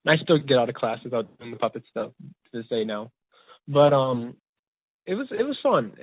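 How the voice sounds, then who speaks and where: A man's voice: mid-range voice, no echo. A young man who works as a puppeteer, telling his story in a rambling, eager way full of restarts. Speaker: puppeteer and podcast host. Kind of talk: casual storytelling chat. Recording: tinny phone-like dry sound.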